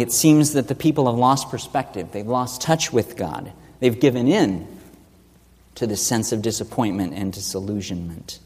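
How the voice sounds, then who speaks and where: A man's voice: medium pitch, darkish tone. A man preaching an expository sermon, teaching earnestly and asking rhetorical questions. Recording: long reverb of a large hall.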